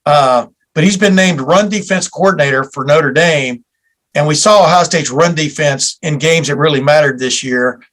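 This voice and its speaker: A man's voice: a little high, moderate pace, fairly bright tone. A man hosting a sports podcast, chatting casually and dropping facetious asides. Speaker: podcast host.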